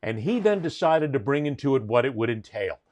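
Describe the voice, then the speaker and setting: A man's voice: mid-range voice, very animated, a little fast, a little mellow. A middle-aged man hosting a sports talk show, telling stories in an emphatic, indignant way. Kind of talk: casual panel chat.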